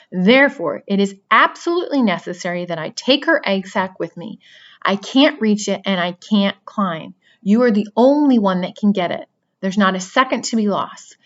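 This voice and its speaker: A woman's voice: mid-range voice, dull audio, natural voice. Woman voicing Wilbur, a frantic young pig. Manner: pleading, desperate, loud. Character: young male pig, earnest, panicky and pleading.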